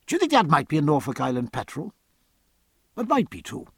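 Brief: man playing a mild, gentle clergyman-naturalist, dry close sound. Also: on the high side, wildly swooping pitch, brisk, husky, dry recording, exaggerated voice. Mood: earnest.

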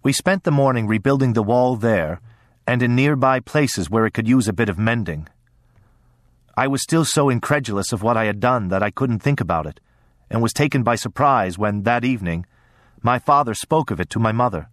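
A man's voice: medium pitch, no room sound. Man narrating a story, very dry sound. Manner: measured, even storytelling. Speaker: audiobook narrator. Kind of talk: scripted narration.

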